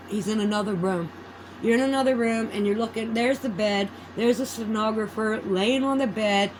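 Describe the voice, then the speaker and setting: A woman's voice: medium pitch, a little hiss or hum, rough recording. A woman vlogging in a casual, rambling chat. She swears freely and loses her train of thought.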